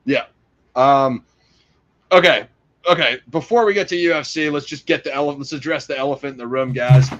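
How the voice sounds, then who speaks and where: A man co-hosting a casual movie review show, rambling with quick restarts. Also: medium pitch, a bit bright, a little hiss or hum. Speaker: podcast co-host.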